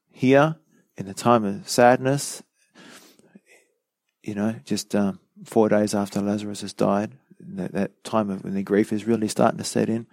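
Low gravelly man preaching. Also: a little mellow, no echo. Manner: conversational teaching with frequent fillers. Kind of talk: sermon.

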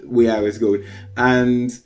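Man, casual storytelling, rambling with fillers, mid pitch, faint guitar behind. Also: little pitch movement, slow pace, darkish tone. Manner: rambling anecdote with many fillers, acts out quoted voices.

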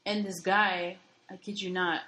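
A woman co-hosting a podcast, chatting casually and sarcastically, telling animated stories. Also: medium pitch, a little slow, poor audio. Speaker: podcast co-host. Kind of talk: casual chat.

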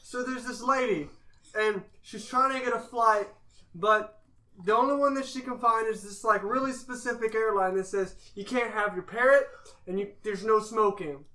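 A tipsy woman telling a long joke among friends, animated and swearing freely. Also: a little high, moderate pace. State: drunk.

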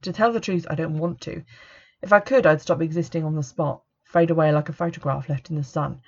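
Gravelly-voiced woman narrating. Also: low-pitched. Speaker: audiobook narrator. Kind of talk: first-person audiobook narration. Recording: dull lo-fi recording.

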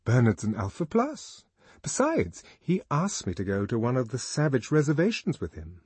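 A man's voice: medium pitch, wildly swooping pitch, normal speed, darkish tone, slightly rough, no echo, voice pushed up. A man voicing a breezy young woman. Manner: light, breezy and teasing.

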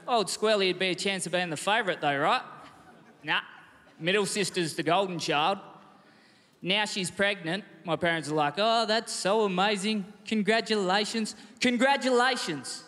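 This man, in his thirties and from Western Australia, speaks at a moderate pace with a high-sitting voice and an Australian accent. He does laid-back stand-up mocking himself, recorded in a big, reverberant festival theatre full of loud audience noise.

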